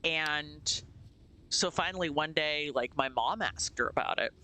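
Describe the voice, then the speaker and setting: A man's voice: fairly high pitch, measured pace, pushed and bright. A man from Pennsylvania, a streamer chatting casually while gaming, telling stories animatedly and laughing often. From Pennsylvania, USA.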